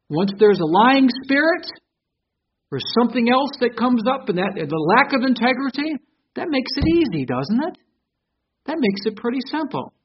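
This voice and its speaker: Animated preaching man, high voice. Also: dull audio, slight background noise. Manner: animated preaching, swings between loud emphasis and quiet asides. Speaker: pastor. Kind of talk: sermon.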